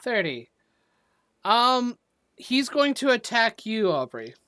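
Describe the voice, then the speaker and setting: A woman's voice: fairly high pitch, sing-song, slow, a bit bright, dry recording, clean studio sound. A woman running a tabletop game as game master, handing out turns and rolls in an easygoing way.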